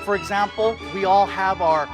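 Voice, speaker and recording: A man doing a stand-up comedy set, telling animated stories and switching into put-on voices. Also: high-pitched, moderate pace, music in the background.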